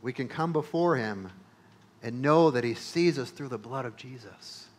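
A male pastor preaching a sermon, emphatic, repeating phrases and building to loud peaks. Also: mid-range voice, moderate pace.

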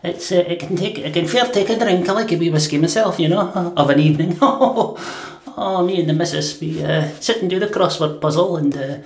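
A woman calls out teasingly from off-mic. Her voice sits low for a woman. It carries a roomy, echoey sound. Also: a little fast, hardly any pauses, darkish tone.

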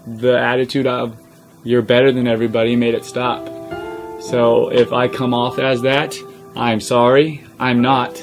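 A young man in a personal vlog to his followers, earnest and choked up, pausing often with "um". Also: mid-range voice. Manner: earnest, emotional, many pauses and "um"s. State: choked up, near tears. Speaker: social media creator. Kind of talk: personal vlog talking to camera.

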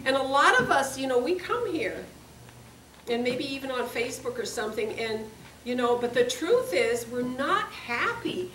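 High pitched lady sharing her testimony, repeats herself for emphasis, roomy sound w faint hiss. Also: animated, normal speed, a bit bright. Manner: earnest and confessional, repeats phrases for emphasis. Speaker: speaker giving a testimony. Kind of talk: personal testimony sermon. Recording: echoey room, distant mic, faint hiss.

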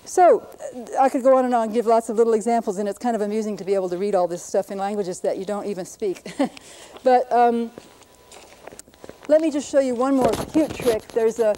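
Mellow-voiced woman explaining phonetics patiently. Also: medium pitch, rough recording. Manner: patient, explanatory, demonstrates pronunciations. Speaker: linguist presenter. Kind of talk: educational lecture.

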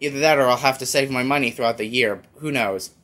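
A man's voice: mid-range voice, fairly even intonation, fast, fairly bright tone. A man giving a casual, rambling toy review with many fillers. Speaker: toy collector YouTuber.

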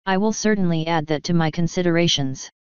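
A woman's voice: lowish voice, clean tone, dry recording, muffled recording, lightly acted. A woman doing a formal, courteous royal lady. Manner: measured and courteous. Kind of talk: audiobook reading of fan fiction.

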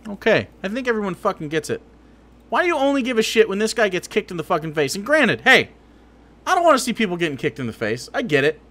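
Male streamer, high voice, swings widely, sarcastic and cursing, political reaction commentary. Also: sing-song, fast talker, fairly bright tone. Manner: sarcastic, profane, heated.

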